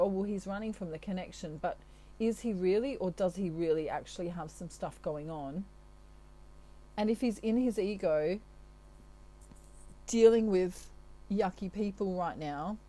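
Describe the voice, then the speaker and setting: A woman from Australia talks through a channelled tarot reading with a low, mellow voice. She sounds chatty and reassuring and keeps adding little asides to the listener. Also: rough recording. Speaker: tarot reader.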